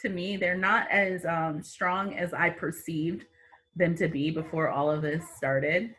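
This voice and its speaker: Bright-voiced American woman on a call. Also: lowish voice, fairly even intonation, a little slow. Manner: musing, hesitant, with fillers. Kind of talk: casual chat on a video call. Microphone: video call.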